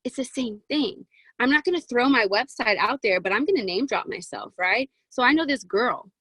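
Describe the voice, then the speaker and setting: A woman in her twenties giving a chatty, excitable motivational talk to a sales team over a video call from her closet, with plenty of "um" and "right?". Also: a little high, normal speed, slightly rough, no room sound, rough recording. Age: 20s. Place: home walk-in closet.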